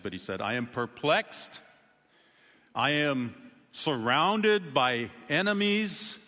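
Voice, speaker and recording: Slow-paced preacher in an echoing hall. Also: male voice, medium pitch, pushed and bright. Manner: conversational preaching with sudden emphatic rises. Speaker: pastor. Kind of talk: sermon.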